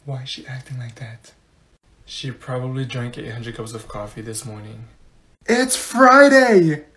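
A man's voice: mid-range voice, flat delivery, normal speed. A man performing a comedy sketch with a sassy, exasperated manner.

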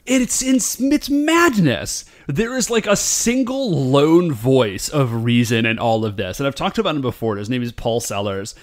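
A man co-hosting a podcast in casual chat, animated and rambling, full of fillers. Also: mid-range voice, measured pace, hardly any pauses. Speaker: podcast co-host.

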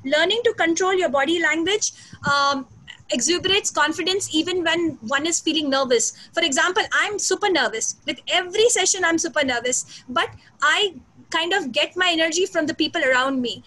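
A woman giving a fast, energetic online lecture to teachers over a video call. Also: extremely high pitch, rough recording. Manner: fast, energetic, emphatic delivery. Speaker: guest lecturer. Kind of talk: online teacher training talk.

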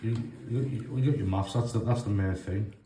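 A man's voice: fairly low pitch, steady tone, dark tone. A man hosting a casual interview, prompting his guest and repeating himself as he teases the next part. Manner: prompting, teasing, slow and repetitive. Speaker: interviewer host. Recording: echoey room with faint noise.

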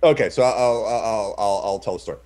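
A man co-hosting a casual podcast, telling a story with lots of fillers and loud, shouted reenactments of what people said. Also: fairly low pitch, a little fast. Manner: animated, shouts in reenacted quotes. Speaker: podcast co-host.

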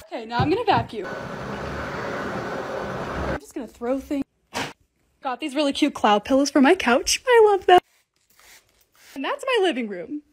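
A woman's voice: high-pitched, very animated, moderate pace, pauses often, a little hiss or hum. A young woman narrating a casual lifestyle vlog, chatty, upbeat and poking fun at herself. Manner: chatty, upbeat, self-mocking. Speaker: lifestyle vlogger. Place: home bedroom and bathroom.

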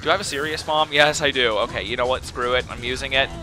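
A young man giving excitable, panicky commentary while playing a shooter game. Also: medium pitch, fast, soft background music. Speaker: let's play gamer. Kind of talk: casual gameplay commentary.

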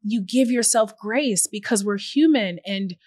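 A woman guest on a podcast, talking earnestly and reflectively with lively quoted asides. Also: medium pitch, a little slow, slightly rough, dry recording. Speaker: podcast guest, tech journalist and founder. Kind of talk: reflective conversational interview.

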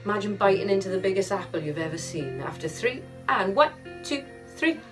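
A woman choir leader guiding a vocal warm-up, upbeat and encouraging, counting the group in. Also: mid-range voice, animated, brisk. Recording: distant mic with music behind.

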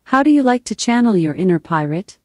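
A synthetic woman's voice, a voice assistant making small talk in an evenly cheerful way. She sits at a middle pitch. The sound is close and completely dry, with no room around it. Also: sing-song, fairly quick, dark tone, no echo. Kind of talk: scripted chatbot replies.

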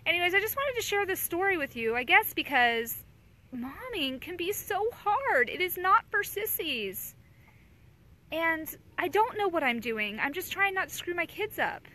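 Thirtysomething mom doing a casual live chat, high voice, chatty and candid, answering viewer comments. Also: female voice, sharp tone. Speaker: mother hosting a live chat.

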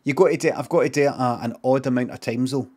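A middle-aged Scottish man improvising a comic story, rambling and deadpan, swearing freely and drifting off on tangents. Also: mid-range voice, quick pace, breathy edge. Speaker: streamer.

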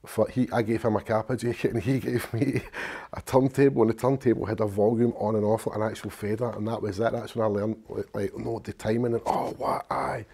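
A man in an interview, halting and searching for words. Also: on the low side, fairly even intonation, vocal fry, warm tone, husky.

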